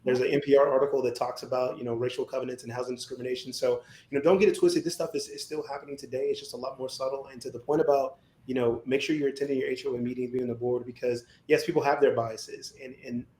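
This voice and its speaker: A man co-hosting a podcast, talking in an animated, emphatic way and often asking "right?". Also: fast talker. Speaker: podcast co-host. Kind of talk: casual podcast discussion. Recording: echoey room, faint rumble.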